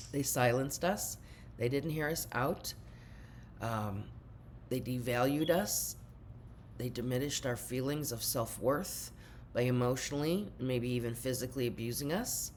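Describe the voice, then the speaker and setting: A woman's voice: rumbling low, a little hiss or hum. An older woman giving an earnest spiritual talk and speaking directly to her viewers as a teacher.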